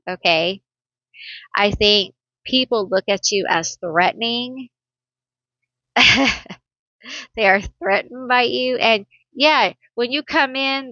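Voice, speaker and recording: A woman's voice: medium pitch, pushed and bright, no echo, lo-fi sound. A woman giving a pick-a-card tarot reading, blunt and sassy, laughing often. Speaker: tarot reader.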